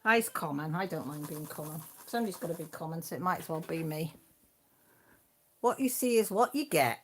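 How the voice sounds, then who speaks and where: A woman with an English accent hosting a casual live chat from home, rambling and quick to laugh. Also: fairly low pitch, a bit bright. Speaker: craft channel host.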